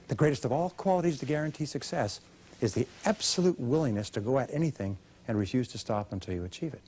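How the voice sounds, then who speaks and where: A man's voice: mid-range voice, expressive, fast, a little mellow, breathy edge. A man giving a motivational seminar talk, emphatic, asking rhetorical questions and having the audience repeat his lines. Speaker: motivational speaker.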